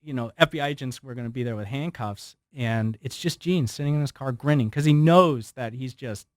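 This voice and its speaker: A man's voice: medium pitch, brisk, no room sound, studio quality. A man in his forties, a guest on a radio show, telling a story with animation and acting out what people said. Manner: animated storyteller who acts out quotes. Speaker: guest, former FBI surveillance specialist. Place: radio studio.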